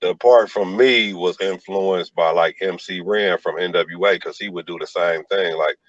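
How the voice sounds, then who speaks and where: A man telling stories in a relaxed interview, with lots of "like" fillers. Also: low voice, normal speed, no room sound, dull audio. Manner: laid-back storytelling with many "like" fillers. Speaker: rapper and producer guest. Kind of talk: casual interview talk.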